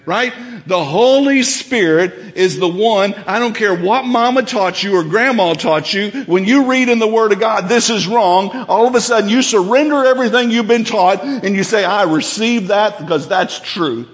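A man with a high, ringing voice preaches a fervent, folksy sermon that swells into shouts. His voice carries a long reverb off the walls of a large church hall. He talks plainly and colloquially to his congregation. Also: normal speed, few pauses. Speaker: pastor. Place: church sanctuary.

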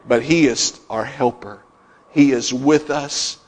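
A middle-aged male pastor preaches a sermon in a slightly high, expressive voice, taking his time. He builds emphasis with rising, repeated declarations. A long hall reverb surrounds the recording.

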